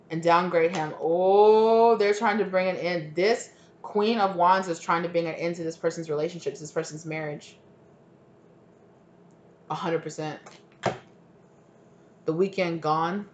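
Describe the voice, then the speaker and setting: A woman's voice: low-pitched, background noise. A woman giving a casual tarot reading, rambling with lots of "like" and sudden exclamations. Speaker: tarot reader.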